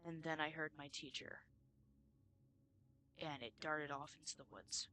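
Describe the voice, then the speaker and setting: A man earnestly telling a personal spooky story, often halting and repeating words. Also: on the high side, vocal fry, pushed and bright.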